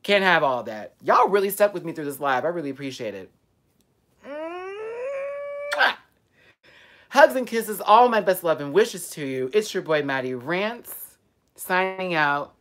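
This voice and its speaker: A man's voice: fairly high pitch, fairly quick, hardly any pauses. A man hosting a live stream, chatting casually and answering viewer comments with a sassy, playful manner. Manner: sassy, playful and animated, with frequent laughs.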